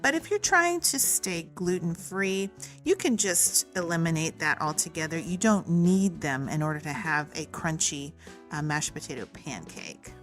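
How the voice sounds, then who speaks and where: A woman's voice: low voice, expressive, moderate pace, a bit bright. A woman, hosting a recipe tutorial in a friendly, upbeat instructional manner. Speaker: cooking channel host. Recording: faint music behind.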